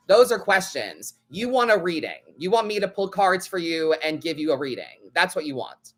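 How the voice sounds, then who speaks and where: A man's voice: high-pitched, animated, moderate pace, hardly any pauses, bright, forceful tone. A man hosting a live tarot stream, chatting casually in a blunt, sassy way and swearing freely. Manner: blunt, sassy, swears freely, acts out other people's lines.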